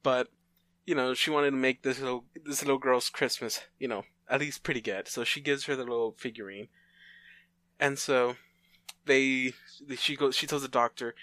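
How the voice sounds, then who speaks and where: A man's voice: medium pitch, steady tone, normal speed, bright, forceful tone, no room sound. A man casually retelling a made-up story plot, rambling with fillers and restarts and briefly voicing the characters in quotes.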